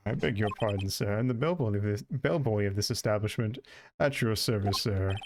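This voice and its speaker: A man's voice: on the low side, brisk, noisy background, natural voice. A man playing a stiff, formal hotel bellboy. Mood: courteous. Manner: formal, deferential.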